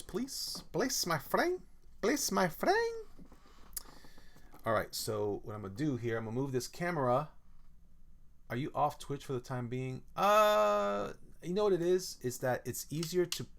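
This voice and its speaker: A man streaming himself drawing, chatting casually and exclaiming to viewers in an animated way. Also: mid-range voice. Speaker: artist streaming his drawing. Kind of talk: casual live-stream chat.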